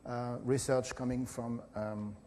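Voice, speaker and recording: A middle-aged man with a French accent, a professor giving a conference lecture in a hesitant way with many pauses and filler sounds. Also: mid-range voice, level tone, mellow, a little hiss or hum.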